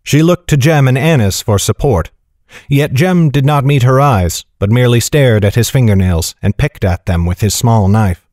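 A man narrating a fantasy novel in a steady, even storytelling style. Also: medium pitch, normal speed, no room sound, studio quality. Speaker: audiobook narrator.

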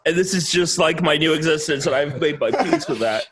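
A man's voice: a little high, a little fast, heavy background noise. A man co-hosting a gaming podcast, laughing and making wry remarks. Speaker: podcast co-host. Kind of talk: casual group chat.

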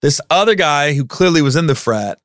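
A man in his forties hosting a podcast, telling a personal story in a casual, animated way and acting out what people said. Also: on the high side, a little fast, no room sound, clean studio sound. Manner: animated, acts out quotes in loud raised voices. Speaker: podcast host.

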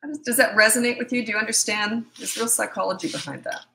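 Blunt, bright-voiced woman parenting coach. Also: a little high, quick pace, gravelly, slight background noise, poor audio. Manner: blunt, emphatic, acts out parent and child exchanges. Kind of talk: casual advice talk.

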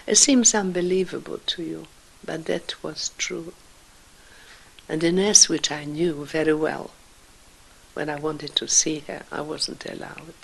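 Older woman, slow halting testimony, gravelly fry, breathy whispers. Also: low voice, fairly even intonation, a little hiss or hum, poor audio. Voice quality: gravelly, husky voice. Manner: slow, emotional, halting delivery with whispered passages. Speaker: Holocaust survivor speaker. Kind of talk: personal testimony.

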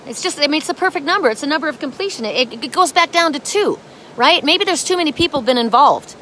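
A woman's voice: high-pitched, expressive, quick pace, pushed and bright, a little hiss or hum. A woman giving a spiritual oracle card reading in a dramatic, emphatic way, with casual swearing.

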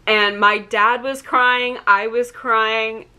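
A woman's voice: on the high side, little pitch movement, takes it slowly, sharp tone, clear, resonant tone. A young woman vlogger telling a personal story in a chatty, emotional way, full of "like" fillers. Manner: chatty, many "like" fillers, gets choked up.

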